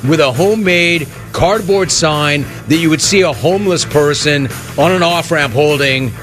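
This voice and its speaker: Animated middle-aged male talk-show host. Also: fairly high pitch, moderate pace, music in the background. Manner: animated storyteller, acts out remembered dialogue. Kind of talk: casual talk-show chat answering listener questions.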